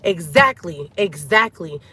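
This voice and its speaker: A woman's voice: on the low side, lively intonation, slow pace, sharp tone, slightly rough. A woman from a Cuban family, upset and near tears, venting to her viewers in an emotional storytime vlog, talking to them like girlfriends. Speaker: vlogger.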